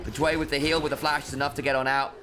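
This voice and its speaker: A man doing jokey, animated play-by-play commentary on an esports match. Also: on the high side, very fast, background noise. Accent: put-on casting accent. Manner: animated, jokey, rising excitedly on big plays. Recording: game music behind the commentary.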